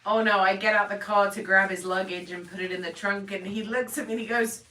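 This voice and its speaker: A woman's voice: medium pitch, fairly even intonation, a little fast, bright, forceful tone, reverberant, distant mic, poor audio. A British woman co-hosting a live painting stream, chatting and teasing. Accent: British English. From England. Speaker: co-host. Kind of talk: casual live-stream chat.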